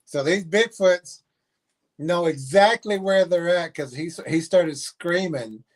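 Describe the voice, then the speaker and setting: A man's voice: high voice, a little slow. Laughing man reacting to a clip. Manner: laughs often, repeats clips mockingly. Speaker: reaction stream co-host. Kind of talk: casual reaction commentary.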